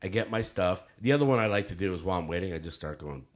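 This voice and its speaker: Middle-aged man, podcast co-host, casual storyteller, lively intonation, swears and laughs. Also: low-pitched, very fast. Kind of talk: casual chat.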